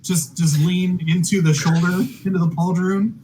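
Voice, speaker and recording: A man narrating as dungeon master, halting and filling pauses with ums and restarts. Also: high-pitched, steady tone, mellow, slight background noise, poor audio. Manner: halting, many fillers and restarts. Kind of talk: narrating a tabletop game.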